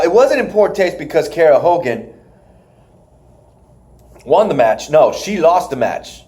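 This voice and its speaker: A young man casually recapping wrestling on a podcast, excitable and laughing often, sometimes squealing to mimic wrestlers. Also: medium pitch. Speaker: podcast co-host reviewing wrestling.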